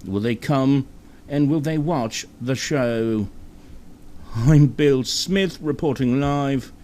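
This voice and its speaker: A man voicing an overdramatic male British TV news reporter, delivering the news in a slow, solemn, melodramatic way. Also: medium pitch, mellow, voice pushed up, natural voice. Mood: grandiose.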